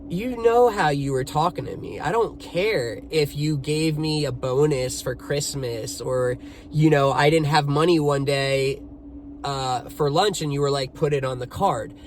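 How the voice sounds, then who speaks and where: Young guy, kinda high voice, slow and sweary, telling his story, little bit of noise behind. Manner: profane, emphatic, animated retelling. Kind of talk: casual storytelling to camera.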